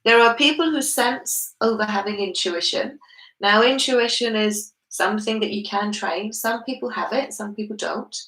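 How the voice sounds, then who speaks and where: A woman's voice: medium pitch, normal speed, fairly bright tone, reverberant, low-quality recording. A woman with a confident manner, explaining at length in a casual book club chat.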